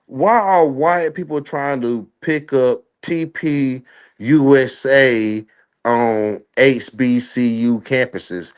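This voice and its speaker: A man hosting a podcast, arguing in a heated casual debate and firing off rapid strings of "no.". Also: medium pitch, clear, resonant tone. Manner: argumentative, repeats "no" in rapid bursts. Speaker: podcast host.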